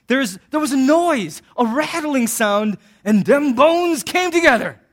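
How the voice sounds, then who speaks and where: A man's voice: very high voice, unhurried. A male pastor preaching a sermon in a humorous, conversational way, acting out little voices in his asides. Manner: animated, acts out voices in asides.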